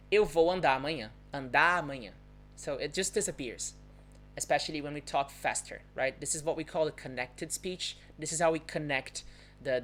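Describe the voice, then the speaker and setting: Low-voiced woman teaching pronunciation. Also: fairly bright tone. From Rio de Janeiro, Brazil. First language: Portuguese. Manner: explains patiently, demonstrating pronunciation with examples; talks fast by her own account. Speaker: Portuguese teacher. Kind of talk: live-streamed language lesson. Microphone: phone or webcam for a social media live.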